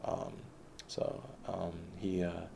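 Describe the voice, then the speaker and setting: A man's voice: low-pitched, monotone, slow pace, gravelly, background noise. A man telling a personal story in a blunt, rambling way, retelling conversations as he goes.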